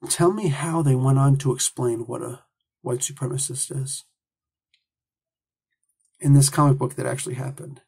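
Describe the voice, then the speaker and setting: A man's voice: mid-range voice, fairly even intonation, moderate pace, vocal fry, pauses often, a little mellow, husky. A man hosting a comic book review, talking in a casual, opinionated monologue full of rhetorical questions and asides.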